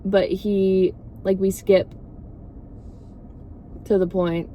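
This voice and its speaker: A woman's voice: medium pitch, flat delivery, extremely slow, mellow, a little hiss or hum. A woman vlogger rambling through a sarcastic, swear-filled casual movie recap.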